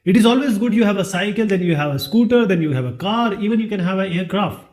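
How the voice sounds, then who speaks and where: A man with an Indian English accent delivers a classroom lecture in a fairly high voice. He keeps asking the class rhetorical questions and answers each one himself. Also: lively intonation, fast talker, a little mellow. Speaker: teacher.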